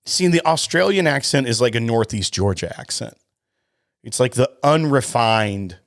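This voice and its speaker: On a casual whiskey podcast, a male co-host speaks expressively at normal speed in a medium pitch, opinionated and joking with many restarts. A close studio mic leaves no room sound.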